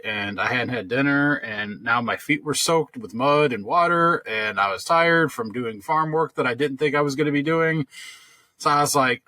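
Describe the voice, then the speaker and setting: With a medium pitch and a bright, forceful tone, this man co-hosts a podcast and there's no echo on the recording. He rambles through a long casual story, restarting often and using plenty of fillers.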